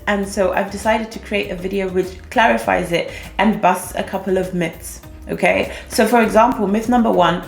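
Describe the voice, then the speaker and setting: A young woman talks straight to camera as a coach, chatty and upbeat, tagging her points with quick check-ins. Her voice has a gravelly edge. The room rings with echo, and faint music sits underneath. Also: medium pitch. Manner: chatty and upbeat, with frequent "okay?" and "right?" tags. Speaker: manifestation coach. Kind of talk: casual talk-to-camera advice vlog.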